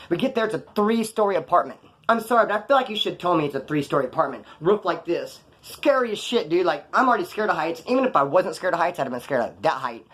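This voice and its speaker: A man's voice: high voice, expressive, quick pace, hardly any pauses, fairly bright tone. A man in a casual vlog, telling stories from prison in a rambling, profane, slangy way. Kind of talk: casual storytelling to camera.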